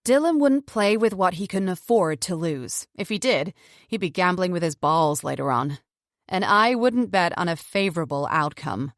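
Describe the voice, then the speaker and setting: A woman's voice: on the low side, expressive, moderate pace, dry recording, clean studio sound. A woman voicing a brash, teasing woman who enjoys poker, breezy and blunt. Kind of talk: audiobook character voice.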